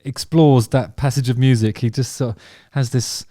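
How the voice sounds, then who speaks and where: A man's voice: mid-range voice, steady tone, normal speed, mellow, dry recording, studio quality. A man chatting casually about favourite songs, rambling and enthusiastic, with many ums and restarts. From England. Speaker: vlog host talking about music.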